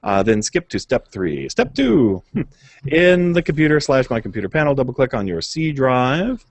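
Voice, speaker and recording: A podcast co-host on a gaming show reads patch notes aloud and chats casually, dropping frequent "uh"s and small chuckles. His mid-range voice swings widely in pitch at a moderate pace.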